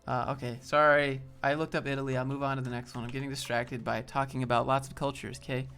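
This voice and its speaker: A man's voice: medium pitch, level tone, a bit bright, clear, resonant tone. A man hosting a live stream in a casual, rambling way, reading and answering chat as he talks. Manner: rambling, loose, quick asides to chat. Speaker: livestream host.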